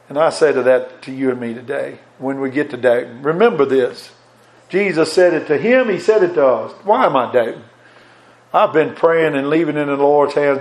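A man preaching a sermon in a folksy way, reading scripture aloud and swinging between loud emphasis and soft asides. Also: fairly high pitch, expressive, normal speed.

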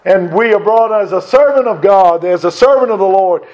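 A man's voice: sits high, moderate pace, a little mellow. A man preaching an earnest sermon, quoting scripture and pressing his points with repetitions. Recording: dull lo-fi recording.

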